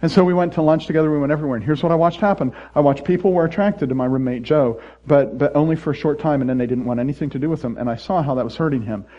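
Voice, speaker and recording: A middle-aged man preaching a sermon as pastor, playful and animated, jumping from loud mock voices to quiet earnest asides. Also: a little high, very fast, few pauses, lo-fi sound.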